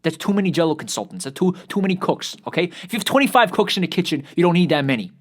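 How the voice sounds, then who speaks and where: A man's voice: high-pitched, animated, fast talker. Heated, foul-mouthed man ranting. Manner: heated, swears constantly, repeats and restarts. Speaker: podcast host. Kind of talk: profane solo rant.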